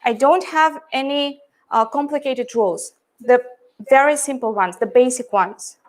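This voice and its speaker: Slow-spoken woman explaining phonetics. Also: high voice. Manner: explanatory, checks in with "yeah?" and "right?". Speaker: English teacher. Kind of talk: explaining teaching methods.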